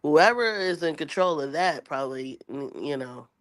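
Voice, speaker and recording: Smooth-voiced co-host musing aloud. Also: medium pitch, normal speed, a bit bright, no echo. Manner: reflective, hesitant, restarts sentences. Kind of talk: casual discussion.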